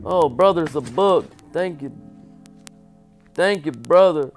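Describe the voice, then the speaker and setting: Brief: male gamer, let's-play, unhurried delivery, mutters then yelps when scared, goofy repeated chants. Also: expressive, faint music behind. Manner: jokey, talks to the game character, repeats silly chants; swings from low mutters to loud startled yelps. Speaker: gamer playing a horror game. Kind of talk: casual let's-play commentary.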